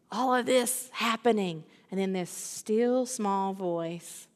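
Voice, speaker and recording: A woman's voice: mid-range voice, takes it slowly, hardly any pauses. A middle-aged woman preaching a sermon, emphatic, repeating key phrases and building in intensity. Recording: long reverb of a large hall.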